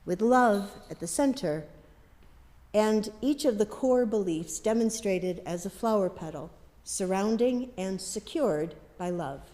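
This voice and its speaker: Mellow-voiced woman minister preaching. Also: medium pitch, expressive, measured pace. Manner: conversational, with light asides and gentle humor. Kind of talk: sermon. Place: congregation's worship hall. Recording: long reverb of a large hall.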